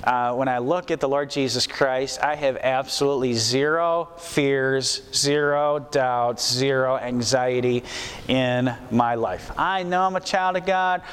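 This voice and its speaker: A man's voice: mid-range voice, a little slow, fairly bright tone, smooth. Folksy preacher man in a reverberant hall. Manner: folksy, repeats phrases for emphasis. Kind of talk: sermon.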